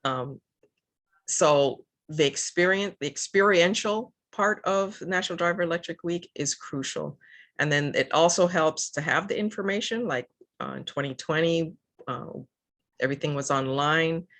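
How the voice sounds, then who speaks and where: As a guest in a casual interview, this older Southern California woman champions EVs in a low-sitting, somewhat bright voice at normal speed. She sounds earnest, with frequent fillers and restarts.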